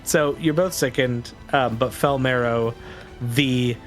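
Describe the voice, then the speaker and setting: A man's voice: mid-range voice, steady tone, slow, faint music behind. A man serving as game master, describing scenes and calling for rolls in a laid-back way. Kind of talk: narrating a tabletop game.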